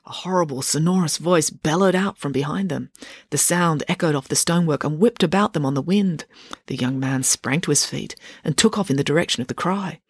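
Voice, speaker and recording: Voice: mid-range voice, brisk, husky, dry recording, clean studio sound. Author reading aloud at home. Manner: expressive reading, chatty sign-off. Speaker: author reading own book. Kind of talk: audiobook-style reading. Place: home office. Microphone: home setup.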